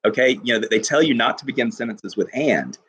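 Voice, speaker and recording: A male teacher giving an enthusiastic poetry lesson to his class, reading lines slowly and stressing each syllable. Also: mid-range voice, expressive, fairly bright tone, husky.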